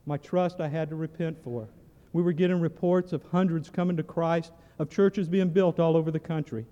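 A man with a mellow, somewhat high voice gives an earnest testimony in church, rising to fervent exclamations. The sound is muffled and carries a long hall reverb. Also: steady tone, moderate pace. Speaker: church member giving mission testimony.

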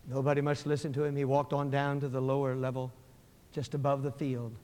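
A man's voice: medium pitch, flat delivery, fairly quick. Man preaching in a reverberant hall. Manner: dramatic storytelling, swings from shouting to hushed prayer. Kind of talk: sermon.

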